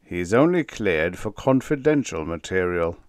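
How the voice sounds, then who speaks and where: A man's voice: sits low, big pitch swings, a little slow, no room sound, studio quality. A man voicing a pompous, blustering army general who is boastful and bossy. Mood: proud.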